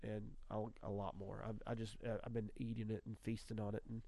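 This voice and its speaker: A man hosting a radio talk show in casual chat, an animated storyteller with frequent restarts. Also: fairly low pitch, fairly quick, gravelly.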